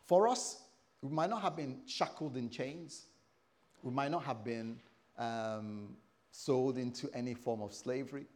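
A man's voice: mid-range voice, unhurried, a little mellow. A man in his fifties preaching a sermon, telling stories with animation and acting out the voices of people he quotes.

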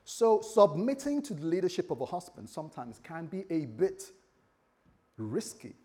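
A man's voice: a little high, moderate pace, husky. A man preaching a sermon to his congregation, talking animatedly and checking in with the listeners as he goes. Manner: animated preaching with acted quotes and asides to the congregation. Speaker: pastor.

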